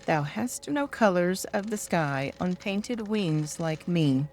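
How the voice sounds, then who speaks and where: A vain butterfly boasts about its painted wings, in an older woman's gentle reading voice. The pace is slow and the pitch sits low, as in a cozy bedtime storybook. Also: expressive, slight background noise. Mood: boastful.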